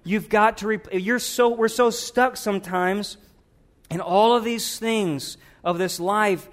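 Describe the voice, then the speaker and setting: A man's voice: high voice, slow pace. A male pastor, preaching a sermon to his church with rising emphasis and repeated prayers.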